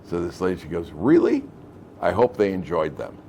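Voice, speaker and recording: A rabbi gives a Torah lecture to a live class, speaking conversationally, repeating phrases, and acting out quoted speech in his stories. His voice is low-pitched, fast, and a little mellow, with a little hiss or hum.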